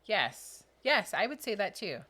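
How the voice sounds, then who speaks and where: A woman's voice: very animated, measured pace, pushed and bright, breathy edge. A sleepy, chatty woman co-hosting a live tool show, reading viewer super chats and thanking donors playfully. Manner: chatty, sings playful high dings for donations. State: sleepy, yawning. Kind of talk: casual live-stream chat.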